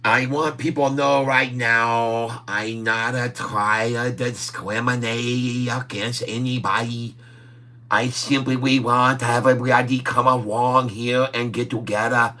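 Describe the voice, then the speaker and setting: Man putting on a clowning broken-english voice, higher pitch, bright tone, giggly. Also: fairly even intonation, slow pace. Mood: playful. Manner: exaggerated broken grammar, giggling.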